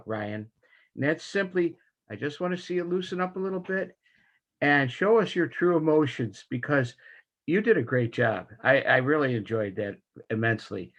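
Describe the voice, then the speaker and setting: An older man, the general evaluator at a club meeting, speaking enthusiastically in a folksy, animated way over a video call. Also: mid-range voice. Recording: dull lo-fi video call audio.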